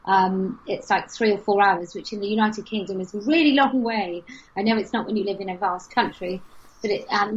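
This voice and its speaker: A woman's voice: mid-range voice, slight background noise. A woman, speaking frankly and telling a story as an interview guest. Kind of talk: casual conversation. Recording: dull lo-fi podcast audio.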